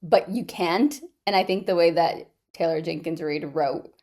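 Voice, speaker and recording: Rambling young woman with a lowish voice. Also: moderate pace, darkish tone. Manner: filler-heavy, rambling, teasing. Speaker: podcast co-host. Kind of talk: casual book club chat.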